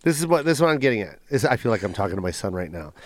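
A man hosting a comedy podcast, telling stories in an animated, profane way. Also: on the low side, rapid-fire, dry recording. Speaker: podcast host. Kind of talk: casual comedic chat.

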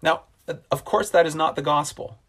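A man preaching a sermon as a pastor, earnest and repeating phrases for emphasis, slowing down on key lines. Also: a little high, a bit bright.

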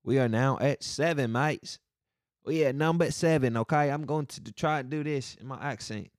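A man putting on an exaggerated foreign accent, full of "mate", with a slow and over-emphatic delivery. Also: medium pitch, dry recording, studio quality, natural voice. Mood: hamming.

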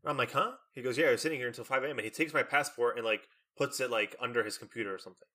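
A young man telling a long story in casual chat, animated and full of fillers, acting out the lines of the people in it. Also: medium pitch, rapid-fire. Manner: animated storytelling with many fillers and acted-out quotes.

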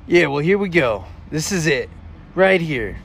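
High, gravelly-voiced excitable male host. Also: unhurried. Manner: excitable, says dude and bro a lot. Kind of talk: goofy comedy podcast banter.

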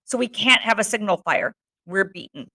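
Ralph, a woman reading as a harried boy chief, straining and exasperated, his bright voice pushed upward whenever the others argue back. A storybook reading with a crisp, forward tone. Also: medium pitch, animated, normal speed. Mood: frustrated. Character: boy leader, anxious and frustrated.

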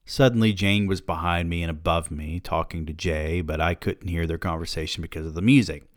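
A man hosting a podcast, reading a novel aloud with wry, deadpan asides. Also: low-pitched, fairly quick, dry recording, clean studio sound. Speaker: podcast host.

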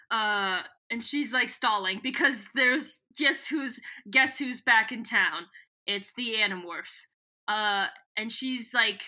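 A woman hosting a podcast, recapping a book in playful, animated casual chat and slipping into character voices. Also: fairly high pitch, slow. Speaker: podcast host.

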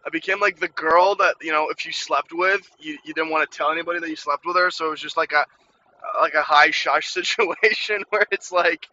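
A man's voice: on the high side, fairly quick, bright, forceful tone, lo-fi sound, slight background noise. A man from Ukraine telling a childhood story in a candid, rambling way, full of "you know" and "like". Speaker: storyteller sharing a childhood memory. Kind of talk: casual personal storytelling.

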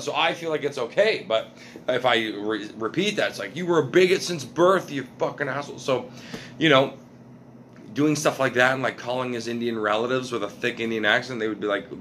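A man's voice: mid-range voice, a little fast, fairly bright tone, a little hiss or hum. A Canadian comedian, a man, chatting casually as a guest and rambling with lots of fillers and swearing. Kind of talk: casual podcast chat.

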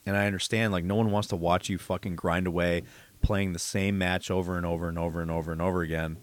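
Low-voiced man swearing in casual chat. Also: flat delivery, fast. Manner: profane, rambling, emphatic. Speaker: podcast co-host and streamer.

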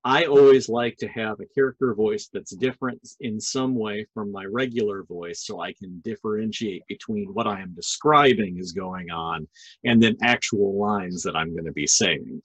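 A man's voice: fairly low pitch, normal speed, a bit bright, slightly rough, no room sound, low-quality recording. A middle-aged man hosting a podcast, chatting casually in a joking manner. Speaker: podcast host. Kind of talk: casual chat.

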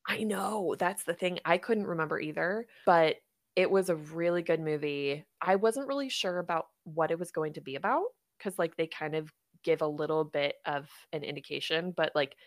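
A woman's voice: sits low, moderate pace, no echo, clean studio sound. A woman hosting a podcast in casual chat, rambling with fillers and laughing often. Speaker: podcast host.

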